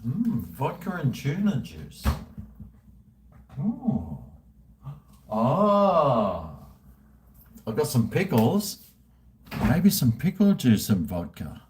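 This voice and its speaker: The voice is mid-range and slightly mellow, with big pitch swings, a very slow pace and many pauses, plus faint background noise. It belongs to a man in his fifties who rambles through a home livestream, mocking himself and talking to himself while drinking.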